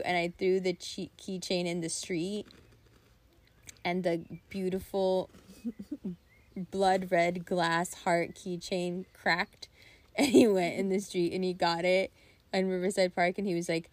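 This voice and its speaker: A young adult woman chatting casually, telling stories in a rambling, animated way full of "like" and laughter. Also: fairly low pitch, measured pace, no room sound. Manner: rambling, animated storytelling with frequent "like" and bursts of laughter. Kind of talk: casual chat.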